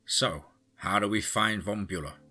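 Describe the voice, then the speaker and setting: A man's voice: on the low side, a little slow, pushed and bright, slightly rough, heavily acted. A man voicing a determined male soldier on a hunt, speaking plainly and with purpose. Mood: purposeful.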